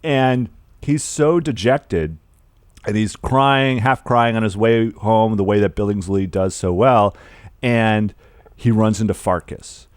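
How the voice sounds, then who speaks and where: A man co-hosting a podcast, retelling film scenes in an animated, laughing way. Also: on the low side, slow pace, clean tone, no room sound, studio quality. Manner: animated storyteller, laughs often, acts out film lines. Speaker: podcast co-host. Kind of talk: casual film discussion.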